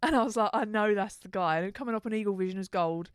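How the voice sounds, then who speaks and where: A woman's voice: mid-range voice, fast talker, smooth, dry recording. A woman co-hosting a podcast in casual chat, laughing often, swearing freely and acting out game lines. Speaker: podcast co-host.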